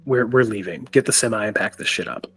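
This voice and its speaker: A man's voice: lowish voice, fast talker, fairly bright tone, breathy edge, faint music behind. A man playing a tabletop game, stating his character's actions in a blunt, matter-of-fact way with casual swearing. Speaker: player. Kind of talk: casual tabletop role-play.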